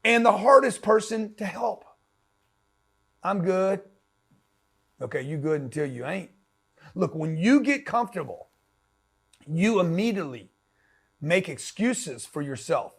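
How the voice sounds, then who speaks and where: A man's voice: fairly high pitch, animated, moderate pace, vocal fry. A middle-aged man giving a blunt, pushy motivational talk in slangy street language. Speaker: business speaker.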